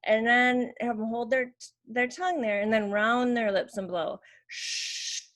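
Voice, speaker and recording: A woman's voice: a little high, steady tone, moderate pace, a bit bright. A woman teaching how to make speech sounds, explaining patiently and demonstrating each sound. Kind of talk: slow instructional demonstration.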